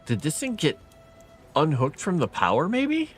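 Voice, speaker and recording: A man's voice: on the high side, sing-song, moderate pace, soft background music. A man streaming a video game at home in a casual chat, stopping to coo at his cat. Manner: chatty, coos and baby-talks to his cat. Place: home, indoors.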